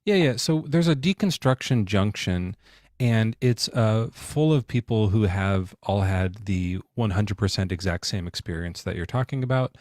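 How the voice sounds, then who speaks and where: Low-voiced man, dry close mic. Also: moderate pace, dry recording. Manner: animated, acts out quoted voices. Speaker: podcast host. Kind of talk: casual live-stream chat.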